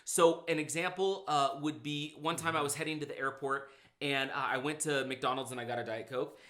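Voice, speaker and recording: Speaking at a normal speed in a voice on the high side, a man who works as a motivational speaker shares stories in a relaxed conversation. He's an animated storyteller who plays out his own inner thoughts aloud.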